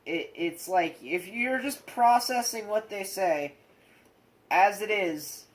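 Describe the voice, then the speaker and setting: A young man talking in a slow, unhurried way. He chats casually and haltingly, often stopping to search for words and restarting his sentences. He speaks as a co-host recounting his own experience. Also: sits high, expressive, rough recording. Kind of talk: casual chat.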